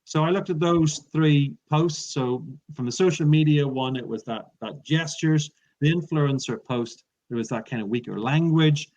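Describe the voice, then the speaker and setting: A man's voice: a little high, moderate pace, hardly any pauses, darkish tone. A man who trains speakers, giving feedback in an interview and explaining points with emphatic examples. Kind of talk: coaching interview talk. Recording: dull lo-fi sound.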